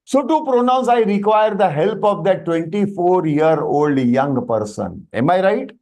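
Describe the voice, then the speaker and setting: A man with an Indian English accent teaches Sanskrit in an online class, speaking in a high voice at a measured pace. He explains patiently yet animatedly, slips into Hindi phrases, and often checks with students by asking "Am I right?"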